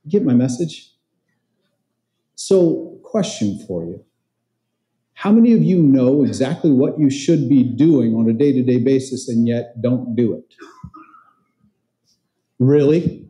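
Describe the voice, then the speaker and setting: A man's voice: mid-range voice, expressive, unhurried, long pauses, dark tone. A man giving a motivational talk at a conference, chatting with the audience and telling stories. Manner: conversational, quizzes the crowd, tells stories. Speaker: conference speaker and real estate trainer. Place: large event hall. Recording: roomy echo of an event hall.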